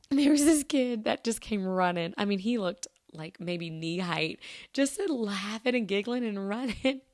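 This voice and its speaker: A woman's voice: medium pitch, no echo, clean studio sound. A woman hosting a solo podcast, chatting casually and rambling through everyday stories with lots of restarts. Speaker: podcast host.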